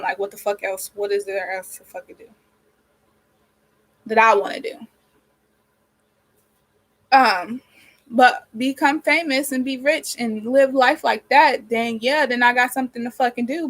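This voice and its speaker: A woman's voice: fairly high pitch, moderate pace, long pauses, fairly bright tone, poor audio. A nineteen-year-old woman vlogging casually while she does her hair, venting and rambling with a lot of swearing, her nose irritated and sniffly. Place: small cold bedroom with a space heater running.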